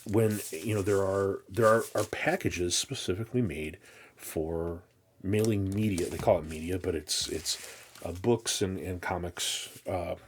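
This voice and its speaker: Over a little background noise, a man with a low voice unpacks a shipment of comics for his vlog. His talk is rambling and halting with many restarts, and he comes across as exasperated and self-deprecating.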